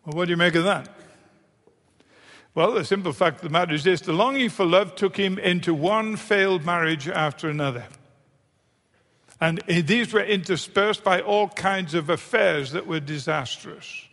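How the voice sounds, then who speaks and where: High-voiced emphatic male preacher. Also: normal speed, a bit bright. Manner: emphatic, repeats phrases for effect. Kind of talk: sermon. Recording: long hall reverb.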